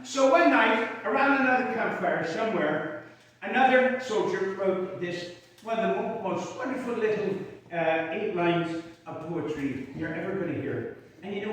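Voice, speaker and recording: A man's voice: high voice, slight background noise. A man performing Civil War stories for a live audience, folksy and joking as he chats between songs. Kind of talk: storytelling with sung songs. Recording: echoey hall from far off, with guitar.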